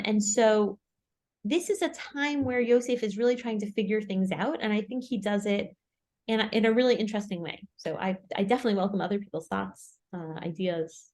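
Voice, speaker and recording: A woman's voice: mid-range voice, creaky, a little mellow. A woman leading a casual Torah study group, chatty and thinking aloud with many "like" and "right?" asides.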